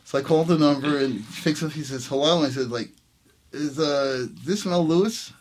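A man's voice: on the high side, normal speed. A man, a jazz trumpet player, telling a story in casual conversation, acting out the dialogue and laughing often. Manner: animated, acts out quoted dialogue, laughs often. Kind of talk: casual anecdote in an interview.

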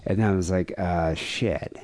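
A low-pitched man co-hosts a podcast in loose casual chat. He is grieving, and his story wanders and swears freely. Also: steady tone, unhurried, a little mellow. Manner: profane, rambling storytelling. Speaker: podcast co-host.

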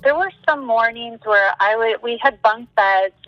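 A woman telling a personal story in a relaxed, thoughtful way. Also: a little high, moderate pace, no echo, dull audio, faint music behind. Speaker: podcast guest, psychic. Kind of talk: casual storytelling.

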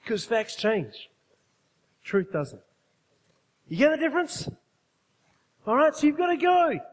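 A man delivers a sermon with emphasis, often stopping to put questions to his congregation. His voice sits very high for a man. The long reverb of a large hall trails behind every phrase. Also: sing-song, a little slow. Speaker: pastor.

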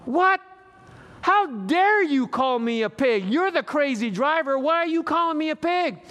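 A pastor acting out a startled, indignant male driver who shouts in outrage. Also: very high-pitched, fast, in a large hall, voice pushed up.

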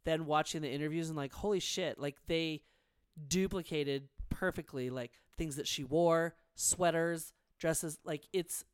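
A talkative woman co-hosting a casual chat show, telling stories with lively emphasis and the odd swear word. Her voice is smooth and clear, recorded close and dry with no room sound. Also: low-pitched, unhurried, no room sound. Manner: chatty, animated, swears freely. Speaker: podcast co-host.

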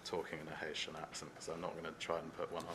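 A man's voice: very deep voice, monotone, quick pace, heavy background noise. A man speaking as an author on a book fair panel, thoughtful and hesitant, with many ums and restarts.

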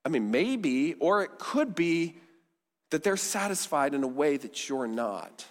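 A male pastor preaching a sermon in a conversational style, dropping softly on key words. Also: fairly high pitch, sing-song, a little slow. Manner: conversational preaching, with quiet emphatic endings. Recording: long hall reverb.

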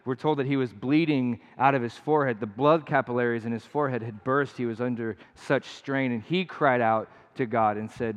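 A man's voice: medium pitch, moderate pace. A man preaching a sermon as pastor, earnest and emphatic, repeating key phrases. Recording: long hall reverb.

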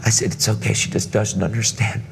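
Low-voiced man telling a sermon story. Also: a little fast, creaky. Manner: animated storyteller, acts out voices, says dude and man. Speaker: guest preacher. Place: church hall. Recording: reverberant church hall with music.

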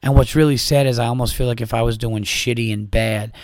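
A man's voice: medium pitch, fairly even intonation, brisk, a little mellow, no room sound, clean studio sound. A man hosting a podcast on his own, talking in a rambling, exasperated and profane way, full of restarts and asides. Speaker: podcast host. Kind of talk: casual solo podcast monologue.

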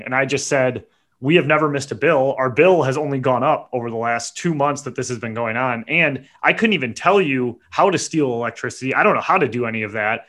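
A man, co-hosting a podcast and telling a story in a casual, animated, profane way. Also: mid-range voice, fairly quick. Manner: animated, profane, builds to indignant outbursts. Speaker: podcast co-host.

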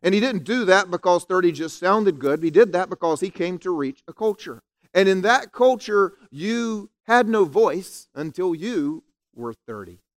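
A man preaching a conversational, animated sermon from a church stage. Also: high-pitched. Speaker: pastor. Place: church sanctuary.

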